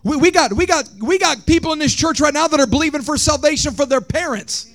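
A male pastor, preaching a sermon that swings from shouted, sung lines to quiet talk. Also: very high voice, quick pace. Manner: preaching, shouting and half-singing in rises, then dropping soft.

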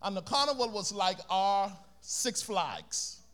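A man from the Bahamas, speaking with a Bahamian accent, preaches an energetic sermon and calls on the congregation to repeat after him. His voice is high-pitched and slow.

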